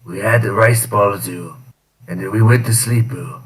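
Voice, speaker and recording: A man appearing as a guest on a casual stream, who jokes in a deadpan, trolling way and stops often to say uh. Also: lowish voice, distant mic, poor audio. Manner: deadpan, trolling, halting with many uhs. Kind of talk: casual live-stream banter.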